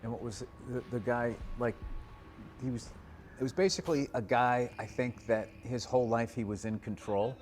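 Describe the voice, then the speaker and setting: A man's voice: mid-range voice, moderate pace, faint music behind. A man telling a story in casual chat as a podcast host, swearing often and acting out the people in it. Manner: profane, animated storyteller.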